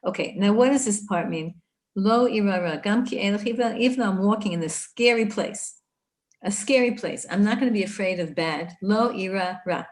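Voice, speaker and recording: Animated woman teaching Torah. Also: mid-range voice, normal speed. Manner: animated, speaks to listeners directly. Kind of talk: live online Torah class.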